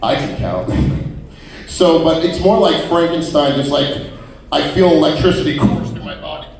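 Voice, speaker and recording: A man's voice: fairly high pitch, normal speed, a little mellow, slight background noise. A man doing a stand-up comedy set, telling profane stories and acting out quotes in different voices. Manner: profane storytelling with many acted-out quotes. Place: live comedy venue. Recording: roomy venue sound from far off.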